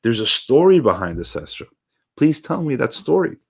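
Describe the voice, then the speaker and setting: A gentle, revered old rabbi with a warm, inviting way of asking, as a man speaks for him. The voice stays near the storyteller's own, calm and kind. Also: mid-range voice, moderate pace, vocal fry, husky, heavily acted.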